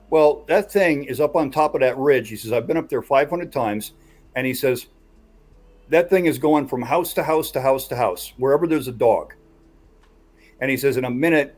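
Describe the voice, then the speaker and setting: Male host spinning a suspenseful yarn, average pitch, easygoing chat. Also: darkish tone. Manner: builds suspense while recounting a tale. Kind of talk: casual storytelling chat.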